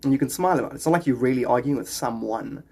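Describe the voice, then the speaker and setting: A man's voice: medium pitch, rapid-fire, gravelly, dark tone, slightly rough. A man chatting on a live stream, reading viewers' comments and rambling into spiritual musings.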